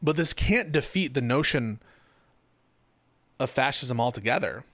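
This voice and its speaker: A man's voice: mid-range voice, lively intonation, a little slow, a bit bright, no echo. A man hosting a live political stream who chats loosely with his audience, swears and jokes, then argues points in a debate. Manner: loose, profane, joking. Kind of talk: casual live-stream chat and debate commentary.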